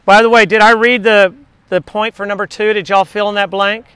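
A man in his fifties, a teacher giving a devotional message to his class, telling faith stories in an excitable, chatty, digressive way. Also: high voice, a little fast, smooth, dry recording. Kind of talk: rambling faith storytelling to a class.

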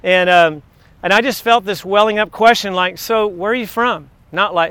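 Excitable high-voiced man telling faith stories. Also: moderate pace, clear, resonant tone, dry recording. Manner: excitable, chatty, digressive. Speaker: teacher giving a devotional message. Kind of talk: rambling faith storytelling to a class.

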